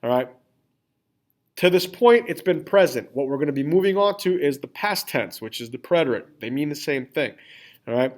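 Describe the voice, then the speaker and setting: A Spanish teacher with a fairly high, expressive voice gives a classroom lesson at normal speed while typing on screen. He explains grammar step by step, spells out endings, and keeps checking in with students, repeating "all right?"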